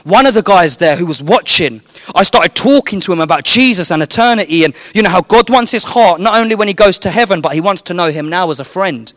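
A man's voice: high-pitched, animated, brisk, a bit bright, dry recording. A man, a street evangelist giving a fervent, rambling personal testimony full of fillers.

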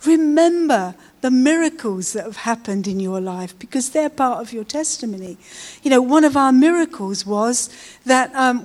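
A woman's voice: on the high side, darkish tone. Chatty woman preaching. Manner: chatty, with tag questions. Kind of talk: informal sermon.

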